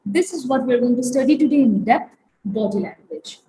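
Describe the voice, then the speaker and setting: A woman giving an online workplace training lecture, talking haltingly with many fillers and restarts. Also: on the high side, lively intonation, mellow, low-quality recording. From India. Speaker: webinar trainer.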